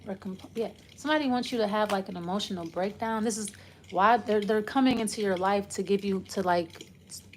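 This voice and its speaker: A woman's voice: mid-range voice, a little fast, a little hiss or hum. A woman giving a casual, loose tarot reading, rambling and trailing off as she talks it through. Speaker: tarot reader.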